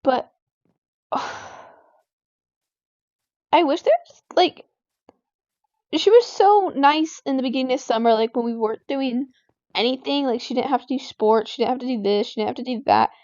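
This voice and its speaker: A high-pitched teenage girl rambles through an exasperated vent session while she plays a game. Her words come packed with "like" fillers. The sound is dry and a bit dull, as if recorded on a lo-fi home mic. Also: moderate pace, long pauses, darkish tone, no room sound. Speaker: gaming vlogger. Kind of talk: casual venting while playing a game.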